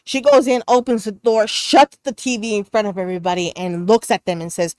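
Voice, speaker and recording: Excitable woman telling a spooky story. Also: medium pitch, brisk, few pauses, no echo. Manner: animated, excitable retelling with many fillers. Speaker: podcast co-host. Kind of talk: casual storytelling chat.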